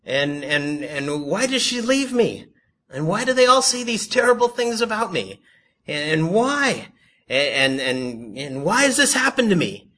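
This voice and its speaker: A man puts on a whiny, self-pitying complainer crying out in stammering questions. The voice jumps far above his usual pitch and comes out loud and bright. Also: very animated, slow, full character voice. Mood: whining.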